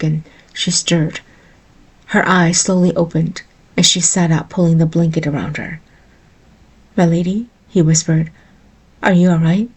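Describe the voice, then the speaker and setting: A woman narrating a romance story in a calm, even storytelling manner. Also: on the low side, husky. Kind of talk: audiobook-style romance narration.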